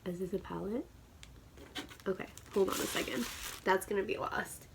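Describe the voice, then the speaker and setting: A woman's voice: mid-range voice, measured pace, pauses often, darkish tone, slight background noise. A woman in her thirties vlogging a beauty unboxing, gushing with squeals and dropping to whispered asides. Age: 30s. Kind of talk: excited unboxing chat.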